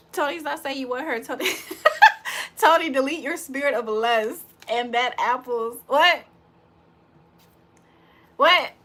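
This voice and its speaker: Woman livestream host, high and bright, roasts her chat, breaks into loud laughter. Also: a little slow, long pauses. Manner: trash-talking, laughs loudly. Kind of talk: casual live chat.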